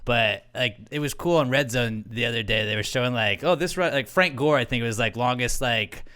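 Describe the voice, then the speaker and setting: A man's voice: medium pitch, a little fast, bright, forceful tone, clean tone. A young man co-hosting a podcast, riffing with jokes and casual swearing. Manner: jokey, riffing banter with swearing. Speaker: podcast co-host. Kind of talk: casual chat.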